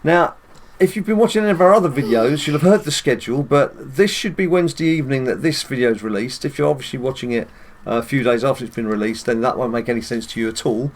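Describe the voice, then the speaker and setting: Speaking quickly with few pauses in a medium-pitched voice, a British man hosts a gaming channel, offering casual, chatty gameplay commentary aimed directly at his viewers and laughing often.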